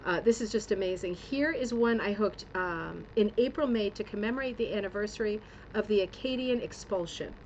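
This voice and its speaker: In a home studio with a green screen, the host of a rug hooking club livestream runs a casual show-and-tell, rambling with fillers and heaping on effusive praise. Her mid-range voice has a darkish tone and a fairly quick pace. Poor audio adds a little hiss or hum.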